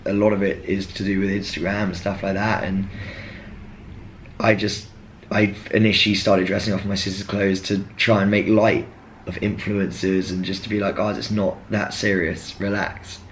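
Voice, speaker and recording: A young man, talking casually and frankly to camera, rambling and jumping into animated impressions of others. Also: low-pitched, moderate pace, a little hiss or hum. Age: young adult. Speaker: former contestant.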